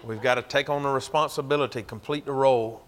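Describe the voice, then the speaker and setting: A man's voice: mid-range voice, steady tone, fast talker. A man with a Georgia Southern accent, preaching a sermon as a pastor and telling a story in a folksy, emphatic way. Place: church.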